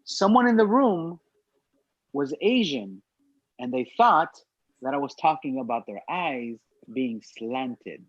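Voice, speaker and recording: A man on a podcast telling an animated, profane story in casual chat. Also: fairly high pitch, slow, husky, no echo. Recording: dry, slightly muffled lo-fi mic.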